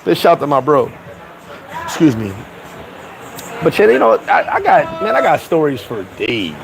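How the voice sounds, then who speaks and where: A man's voice: on the high side, moderate pace, vocal fry, noisy background. A man, hosting and telling profane, laughing stories in casual chat. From New York. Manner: animated, profane, laughing storyteller. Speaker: host. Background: crowd chatter.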